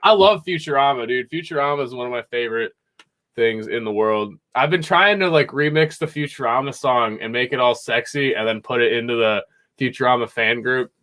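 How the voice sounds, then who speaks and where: A young man hosting a podcast from a home music room, chatting casually in a rambling, excitable way and swearing a lot. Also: medium pitch, a little fast. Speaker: podcast host. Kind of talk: casual chat.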